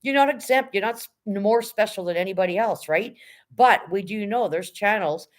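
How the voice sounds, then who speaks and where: A woman's voice: mid-range voice, normal speed. A middle-aged woman chatting casually on a livestream, greeting her chat and speaking bluntly. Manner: blunt, no-nonsense. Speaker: live streamer greeting chat.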